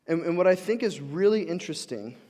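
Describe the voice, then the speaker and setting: A man's voice: high voice, expressive, fairly quick, dark tone. A young adult man giving a guest sermon in a church, talking casually with frequent fillers and restarts. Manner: conversational, many fillers and restarts. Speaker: guest speaker. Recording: reverberant church hall.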